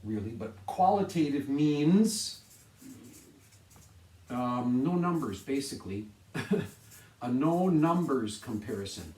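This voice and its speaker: A man's voice: mid-range voice, animated, takes it slowly, pauses often, darkish tone. A man teaching a science lesson in a casual, upbeat way, laughing often and checking that students follow along. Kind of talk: casual classroom video lesson. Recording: echoey room.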